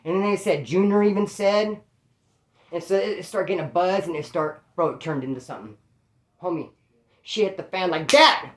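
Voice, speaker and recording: In a roomy-sounding space, a high-pitched man briskly recounts his time in prison. The story comes out casual and animated, full of street slang, with the people in it given their own acted-out voices.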